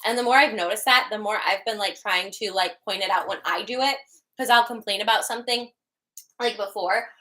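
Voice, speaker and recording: A woman's voice: mid-range voice, a little fast, pushed and bright, poor audio. A woman co-hosting a podcast in casual chat, telling long rambling stories full of filler words. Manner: rambling storytelling, heavy filler words, laughs. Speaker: podcast co-host.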